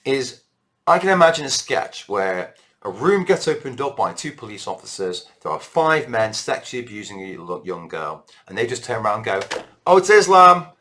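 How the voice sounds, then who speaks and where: A man's voice: on the low side, lively intonation, moderate pace, a bit bright. A British man delivering a rambling, impassioned monologue to camera as a political vlogger. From Britain.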